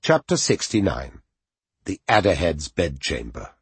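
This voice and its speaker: A man narrating a fantasy audiobook with expressive storytelling. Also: sits low, measured pace, slightly rough, no echo.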